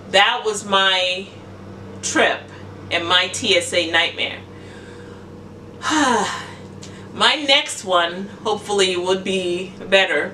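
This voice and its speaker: Middle-aged woman vlogging, bright voice, upset and indignant retelling, sounds a little far off with faint noise. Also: mid-range voice. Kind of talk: personal story to camera.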